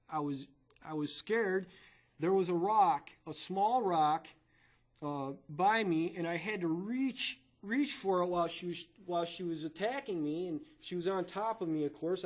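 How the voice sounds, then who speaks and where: A man with a notably high voice gives emotional testimony in a courtroom. His account comes out haltingly, with stammers and repeated words. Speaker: witness giving testimony.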